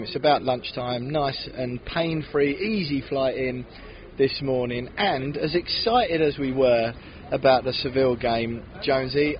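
A man hosting a podcast chats in a casual, animated way and laughs a lot, recorded outside a city bar. His voice is mid-range and the recording sounds muffled.

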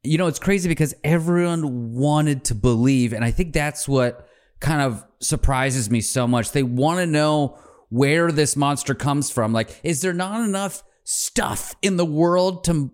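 A man's voice: a little high, a little slow. Laughing chatty male podcast host. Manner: laughing, loose and talkative. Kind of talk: casual comedic chat.

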